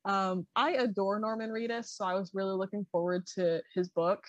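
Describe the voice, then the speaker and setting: A woman's voice: medium pitch, fairly even intonation, moderate pace, dry recording, highs cut off. A young woman co-hosting a library podcast, chatting casually about books with lots of fillers and enthusiasm. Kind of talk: casual chat.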